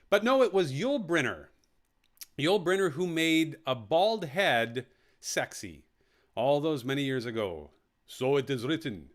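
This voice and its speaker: Lively quiz-host man, bouncy pitch. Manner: reads answer options aloud, repeats them, adds jokey asides. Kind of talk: live online quiz hosting.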